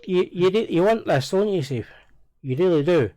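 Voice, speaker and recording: Scottish man, casual playful streamer banter, a touch high-pitched. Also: lively intonation, normal speed, mellow. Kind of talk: casual chat.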